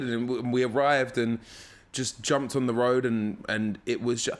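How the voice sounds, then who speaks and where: A man's voice: mid-range voice, normal speed. A young man with a South London accent, chatting as a podcast guest and acting out the people in his stories. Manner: animated storyteller, acts out dialogue. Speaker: radio presenter, guest. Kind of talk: casual podcast chat.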